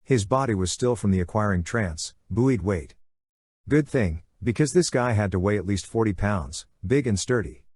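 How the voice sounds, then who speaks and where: A man narrating an audiobook in a steady, even storytelling manner. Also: fairly low pitch, moderate pace, slightly rough, no echo, clean studio sound. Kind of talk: scripted narration.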